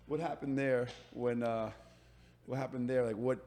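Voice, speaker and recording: A man's voice: mid-range voice, steady tone, normal speed, warm tone. A man hosting a podcast, asking curious follow-up questions in a casual interview. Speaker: podcast host.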